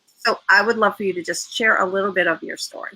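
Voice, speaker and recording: Brief: enthusiastic woman podcast host, bright forceful tone. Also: medium pitch, fairly even intonation, fast, low-quality recording. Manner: upbeat, enthusiastic. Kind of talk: live interview. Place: New Zealand.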